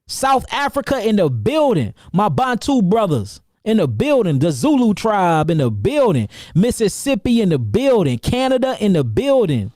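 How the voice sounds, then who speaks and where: A man from St. Louis, an herbalist, giving casual livestream shout-outs to his viewers in an energetic, repetitive, slangy way. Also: high-pitched, normal speed, few pauses, no echo, studio quality. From St. Louis, Missouri, USA. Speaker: herbalist and seminar host.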